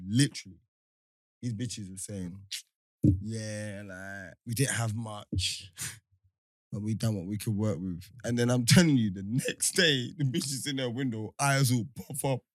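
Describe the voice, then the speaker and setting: A young man, telling a story in casual chat, animated and laughing often. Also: medium pitch, breathy edge, no echo.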